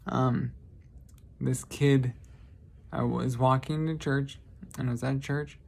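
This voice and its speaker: A man's voice: mid-range voice, steady tone, takes it slowly, gravelly, a little mellow. A man vlogging, telling casual stories in a rambling, lighthearted way and often correcting himself. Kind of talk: casual storytelling monologue.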